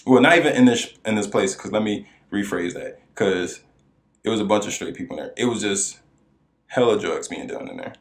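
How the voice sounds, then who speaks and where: A man co-hosting a podcast, telling a story in casual chat and acting out the people in it. His voice cracks high now and then. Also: a little fast, creaky, echoey room. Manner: animated storyteller who acts out quoted voices. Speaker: podcast co-host.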